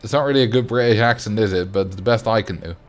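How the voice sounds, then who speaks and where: A man's voice: on the low side, racing, soft background music. A young adult man streaming a game, chatting casually and rambling as he answers his viewers. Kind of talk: casual livestream chat while playing.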